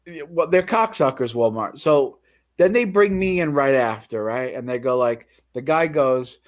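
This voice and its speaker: A man's voice: medium pitch, animated, moderate pace. A man in casual chat, telling a story in a profane, ranting way. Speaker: guest telling his story.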